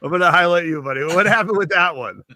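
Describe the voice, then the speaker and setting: A man with a bright, slightly high voice, recorded dry and close, chatting casually as a podcast co-host. He drops in quick agreements and speaks earnestly about the show. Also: no room sound. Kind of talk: casual chat.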